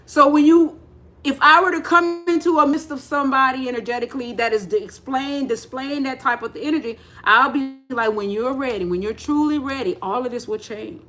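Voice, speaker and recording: This spiritual livestream host is a middle-aged woman whose high voice moves along fairly quickly over a slight hiss or hum. Her casual talk is lively, full of repeated phrases and acted-out quotes.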